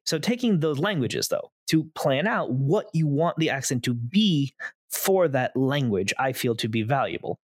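A young man with a mid-range voice hosts a casual tabletop-gaming podcast as game master, rambling through the chat with plenty of fillers. The recording is dry and clean, with studio sound.

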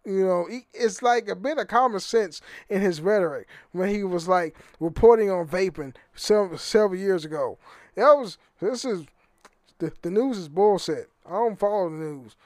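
A man with a higher-sitting, slightly mellow voice rambles through a casual solo rant on his own podcast, talking at normal speed. He swears freely, laughs, and often trips over repeated words, and the recording is dry with clean studio sound.

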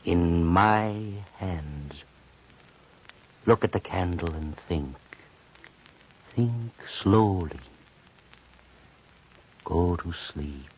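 A commanding, deep-voiced mesmerist doctor. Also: male voice, a little mellow, slight background noise. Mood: hypnotic. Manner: authoritative, slow and hypnotic when inducing trance. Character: commanding male physician and mesmerist, calm and insistent. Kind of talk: 1940s radio acting. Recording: dull lo-fi 1940s radio broadcast.

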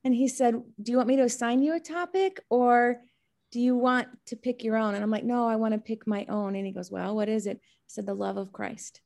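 A woman's voice: on the high side, fairly quick, vocal fry. A woman in a church study group telling a personal story on a video call, acting out the dialogue as she goes. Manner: animated, acts out quoted dialogue.

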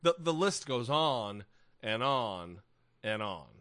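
A man's voice: mid-range voice, sing-song, slow, sharp tone, no echo. A man co-hosting a podcast in casual chat, wry and rambling, swearing freely and restarting his sentences. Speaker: podcast co-host.

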